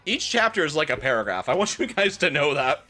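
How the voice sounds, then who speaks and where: A man's voice: on the high side, very animated, fairly quick, sharp tone. A man streaming a comedic dramatic reading, breaking off into amused, laughing asides. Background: faint music.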